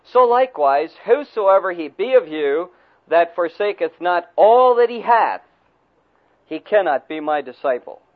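A male preacher retells a story in a folksy, animated way. His voice is high for a man. The recording is thin and tinny, like a phone line. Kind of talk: sermon with storytelling.

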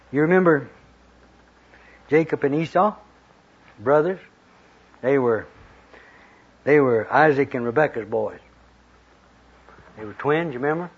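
A man's voice: mid-range voice, husky. A man preaching a sermon, retelling scripture stories in a folksy, plain-spoken way and acting out the quoted lines. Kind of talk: storytelling sermon. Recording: dull lo-fi recording.

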